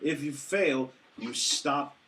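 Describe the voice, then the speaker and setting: A man playing a board game with friends, briskly reading out card text with some drama. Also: medium pitch. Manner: quick, reads flavor text dramatically. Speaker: player and rules reader. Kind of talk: casual board game play, reading cards aloud. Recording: distant mic, faint noise.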